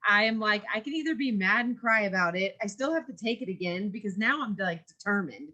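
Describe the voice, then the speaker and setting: A bright, ringing woman's voice belongs to a podcast co-host chatting casually. She talks in an animated way, laughing often and slipping into a stern mom tone for her stories. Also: mid-range voice, fairly quick. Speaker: mother. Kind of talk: casual chat.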